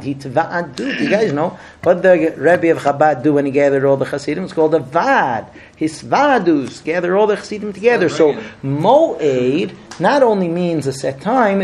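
A man's voice: fairly high pitch, a little mellow. A man leading a group through a mock Seder, explaining terms and chanting the blessings. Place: room with a group.

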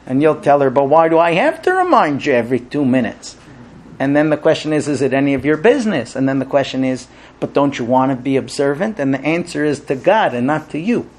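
Animated man teaching a religious class. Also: fairly quick. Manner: animated storyteller, acts out characters with big pitch jumps. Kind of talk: Torah class with told stories.

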